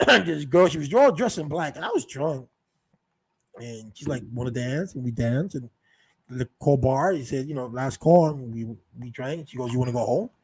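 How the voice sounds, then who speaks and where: A man's voice: mid-range voice, animated, normal speed, slightly rough, low-quality recording. A man telling a rambling, profane story in a casual monologue, full of restarts and repeated words. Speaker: show host telling stories.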